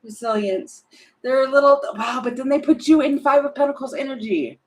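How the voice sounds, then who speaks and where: A woman reading tarot cards for her viewers in a relaxed, talkative way, with a voice pitched a little high. She laughs often and thinks out loud between cards, as if chatting to a friend. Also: a little fast, low-quality recording. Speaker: tarot reader. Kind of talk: casual tarot reading to camera.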